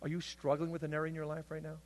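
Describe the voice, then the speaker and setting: A male pastor preaching a sermon, swinging between loud, impassioned passages and hushed, intense ones. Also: fairly high pitch, monotone, rapid-fire. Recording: long hall reverb.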